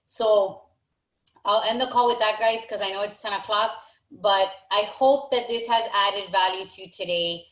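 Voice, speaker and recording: A woman's voice: medium pitch, moderate pace, fairly bright tone. Woman, motivational team call, emphatic, encouraging, repeats phrases, echoey room. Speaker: team leader.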